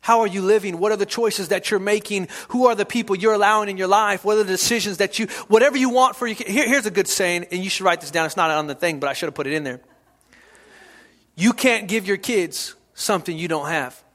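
A middle-aged male pastor with a high, bright, ringing voice delivers a sermon. He repeats his key lines for emphasis and swings from hushed drops into loud, emphatic bursts. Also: fast, few pauses. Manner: preaching with repetition and sudden shouts.

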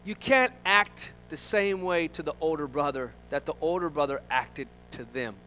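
A man's voice: a little high, moderate pace, pushed and bright, slight background noise, low-quality recording. A man preaching a sermon as pastor, earnest and emphatic, driving points home with repetition.

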